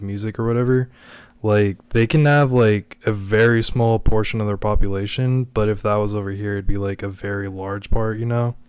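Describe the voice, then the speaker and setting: A young man co-hosting a podcast, his voice low and resonant. The sound is dry and close. He talks in loose, crude casual chat, packed with "like" fillers. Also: darkish tone, clear, resonant tone, no echo. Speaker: podcast co-host.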